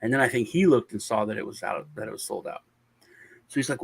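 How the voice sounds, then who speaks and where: A man's voice: on the low side, fast talker, vocal fry, slightly rough. A man hosting a show, telling a long story in casual chat over a video call, with lots of restarts and sighs. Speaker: show host.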